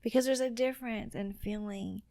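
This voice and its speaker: Woman, podcast guest, earnest personal testimony, gravelly fry, close dry mic. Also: fairly high pitch, normal speed, dry recording. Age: adult with children. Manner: earnest, quotes people in lively retellings.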